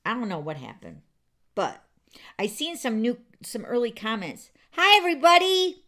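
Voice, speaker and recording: In her home craft room, a woman runs a card-making livestream, chatting loosely with viewers and often restarting or filling pauses. Her mid-range voice is very animated, at a moderate pace.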